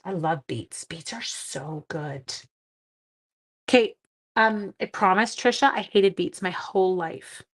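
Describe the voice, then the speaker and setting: Middle-aged canadian-raised lady chatting on a craft livestream, self-deprecating, answers comments as she goes. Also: mid-range voice. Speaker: papercraft live-stream host. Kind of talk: casual live-stream chat while crafting. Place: home craft room.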